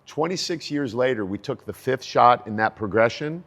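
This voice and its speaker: A man in his sixties, a fitness coach talking as a podcast guest in an energetic, motivational way. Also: medium pitch, normal speed, in a large hall. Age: 60s. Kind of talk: casual podcast conversation.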